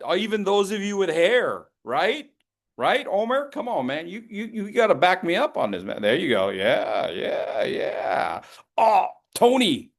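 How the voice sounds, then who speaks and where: A man in his fifties leading a public speaking workshop over a video call. His voice sits somewhat high, and his manner is playful and encouraging. He cheers people on by name as he goes. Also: very animated, measured pace. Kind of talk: lively interactive workshop coaching.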